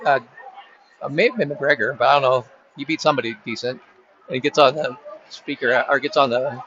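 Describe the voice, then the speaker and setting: A man doing casual play-by-play for a high school football game at the stadium, chatty and rambling, with joking asides to friends. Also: noisy background. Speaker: play-by-play announcer. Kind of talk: casual local sports commentary. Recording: dull lo-fi sound with faint crowd ambience.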